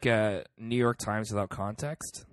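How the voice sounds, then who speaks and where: Low-voiced matter-of-fact male co-host, dry sound. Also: moderate pace, dry recording. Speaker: podcast co-host. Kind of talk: casual podcast chat.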